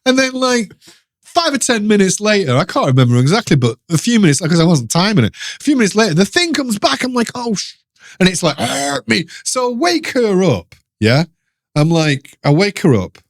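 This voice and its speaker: A middle-aged man telling a ghost story in an interview, animated, laughing often and restarting his sentences. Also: sits high, a little fast. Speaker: guest storyteller.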